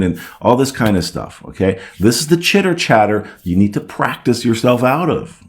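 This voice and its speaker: A man with a lowish voice talks through viewer questions in a relaxed coaching style. He reassures his listeners and keeps checking in with "okay?" and "you see". Now and then he mimics a nervous, doubting inner voice. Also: normal speed. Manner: acts out doubtful inner chatter. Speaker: host answering viewer comments. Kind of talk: casual coaching talk.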